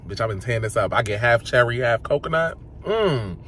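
A tired vlogger with allergies chats casually to the camera, first at home and then out and about. He talks briskly in a medium-pitched voice, chatty, animated and expressive, with slight background noise.

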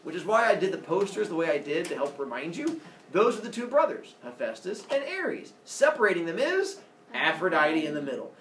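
A man's voice: on the high side, very animated, brisk, fairly bright tone, a little hiss or hum. A man teaching a class, retelling a myth in a playful, jokey way. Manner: playful, jokey, laughing often. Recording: echoey classroom from far off.

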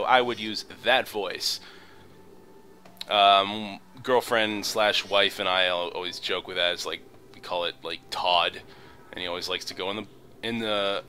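A man's voice: fairly low pitch, pushed and bright. A man giving casual, joking commentary over his own card game, rambling and poking fun at himself. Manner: joking, self-deprecating, rambling with fillers. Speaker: gaming video commentator.

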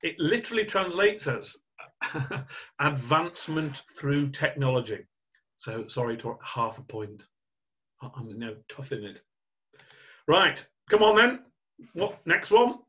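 A man's voice: on the high side, sing-song, a little slow, long pauses, sharp tone. A man presenting a marketing webinar as a quiz, chatty and jokey, teasing his online audience. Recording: dull lo-fi webinar audio.

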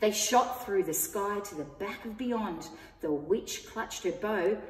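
A woman reading a rhyming picture book aloud to children, expressive and sing-song. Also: mid-range voice, unhurried. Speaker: story time reader. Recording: echoey room with long reverb.

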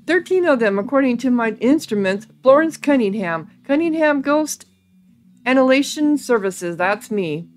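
A woman's voice: high-pitched, lively intonation, moderate pace, slight background noise. A woman voicing a brash female ghost hunter from a video game, talking in a blunt, folksy way.

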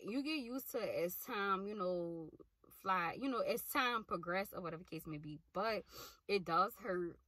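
Talking to her viewers in a casual chat, a young woman vlogger is blunt, profane, and animated, cursing without hesitation. She speaks at a normal speed with a medium pitch, and there's no echo.

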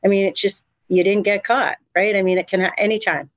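A woman's voice: mid-range voice, a little fast, no room sound. Candid middle-aged woman, dull dry sound. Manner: candid, animated, frequent fillers and restarts. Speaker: guest, mother of incarcerated sons. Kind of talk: emotional personal storytelling.

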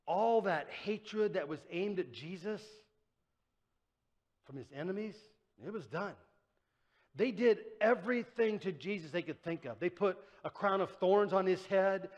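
A man's voice: high-pitched, highs cut off. A man preaching a sermon as pastor, in a conversational way, acting out the voices he quotes. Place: church. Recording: church sanctuary with long reverb.

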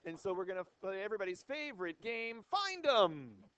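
A man's voice: sits high, fast, a bit bright, clean tone. A young male math teacher giving a jokey, playful lecture to a classroom of students on an old microphone. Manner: playful, wisecracking, theatrical.

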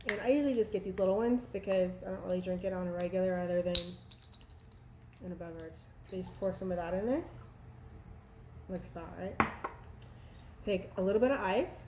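A woman's voice: lowish voice, fairly quick, long pauses, noisy background. Chatty woman in an echoey room. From Texas. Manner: chatty, playful, laughs at herself. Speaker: vlogger. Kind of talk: casual cocktail how-to vlog. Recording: echoey room with faint ambience.

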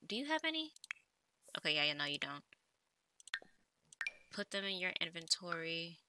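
A woman's voice: lowish voice, very animated, normal speed, noisy background. A woman giving casual gameplay commentary, chatty and easily exasperated, talking back to the characters on screen. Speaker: let's play gamer.

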